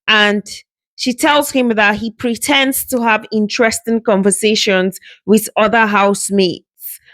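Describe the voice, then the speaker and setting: A woman's voice: fairly high pitch, a bit bright. A woman casually narrating a reality show recap in a loose, rambling storytelling way with fillers.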